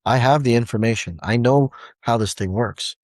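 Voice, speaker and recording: Male motivational speaker in his forties, rambling and animated, mid-pitched voice, recorded dry and close. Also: moderate pace, dry recording. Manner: animated, rambling storytelling with repeated restarts. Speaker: self-help speaker. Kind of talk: motivational monologue.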